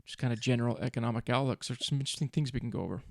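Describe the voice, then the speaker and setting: A man's voice: medium pitch, very fast, gravelly, no room sound, clean studio sound. A man co-hosting a finance podcast in casual chat, explaining things with frequent restarts. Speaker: podcast co-host.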